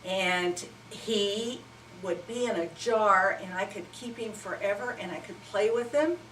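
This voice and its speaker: A woman's voice: mid-range voice, unhurried, a bit bright, a little hiss or hum, lightly acted. A woman voicing a playful little girl in a children's story, eager and lilting, heard from afar in a roomy hall. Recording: roomy hall, mic far off.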